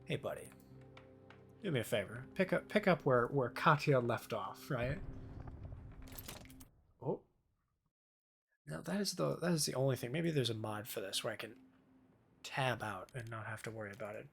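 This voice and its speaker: A man's voice: medium pitch, normal speed, vocal fry, pauses often, soft background music. A man casually chatting with viewers while he plays a game on a live stream, rambling and poking fun at himself. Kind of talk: casual live gameplay commentary.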